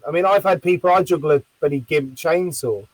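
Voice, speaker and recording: A man's voice: on the high side, fairly quick, no echo, rough recording. Man hosting an interview. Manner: conversational, leading questions. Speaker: host. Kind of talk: casual interview chat.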